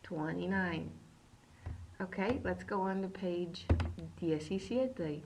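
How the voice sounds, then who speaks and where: A woman teaching beginner Spanish in a recorded lesson. She repeats words slowly and keeps checking in with "okay". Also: lowish voice, slight background noise, rough recording.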